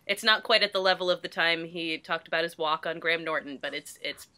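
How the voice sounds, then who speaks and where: A woman co-hosting a podcast in casual chat, excitable and quick to agree. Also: lowish voice, smooth. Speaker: podcast co-host.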